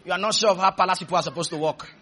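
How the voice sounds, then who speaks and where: High, husky, shouting preacher. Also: male voice. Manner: shouting, drawn-out preaching with call-and-response. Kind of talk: sermon.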